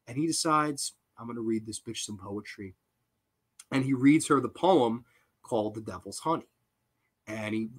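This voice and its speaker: Profane, excitable male movie reviewer. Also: medium pitch. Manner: profane, excitable, laughs often. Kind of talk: casual unscripted movie review.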